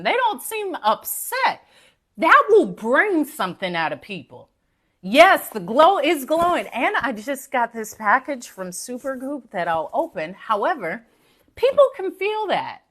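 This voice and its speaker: Animated high-voiced woman, live-stream pep talk. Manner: animated, preachy and playful, talks to viewers directly. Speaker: motivational speaker and live-stream host.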